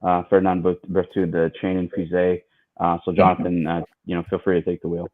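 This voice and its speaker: A man whose first language is French, hosting a livestream and steering the talk quickly. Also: deep voice, completely flat delivery. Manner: quick, directing the conversation. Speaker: host. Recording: tinny phone-like line.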